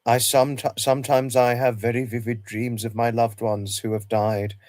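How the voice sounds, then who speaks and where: A man hosting a casual livestream, reminiscing in a halting way, often repeating himself and restarting his sentences. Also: mid-range voice, flat delivery, darkish tone, dry recording. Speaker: livestream host.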